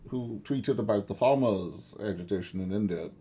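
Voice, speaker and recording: A middle-aged man giving rambling, sardonic commentary, halting often with fillers and restarts. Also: fairly low pitch, dark tone, husky.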